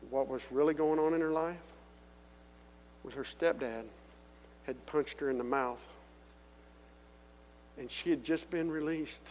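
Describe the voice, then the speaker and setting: A man's voice: on the high side, a little slow, pauses often. Earnest middle-aged man testifying in a hall. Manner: earnest storytelling that swells into loud appeals to the crowd. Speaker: testimony speaker. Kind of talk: sermon-style personal testimony. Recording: echoey hall with faint hum.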